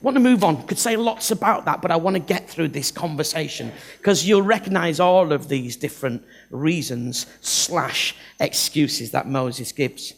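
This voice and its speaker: A man's voice: fairly high pitch, animated, normal speed, creaky. A man from the north of England, preaching a humorous, self-deprecating sermon to a church congregation. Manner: humorous, self-deprecating, acts out Bible characters. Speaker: visiting preacher.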